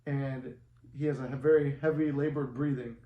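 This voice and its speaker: In a casual motivational video shot in his apartment, a manifestation vlogger rambles and swears while encouraging viewers. He speaks at a moderate pace with a steady, medium pitch, and the audio is muffled and echoey with faint noise since he lacks a good mic.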